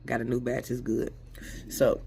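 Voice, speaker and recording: Gravelly-voiced man venting about faith. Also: medium pitch, monotone, normal speed, mellow, a little hiss or hum. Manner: reflective, repetitive, street-slang religious talk. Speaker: vlogger. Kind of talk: emotional spiritual venting monologue.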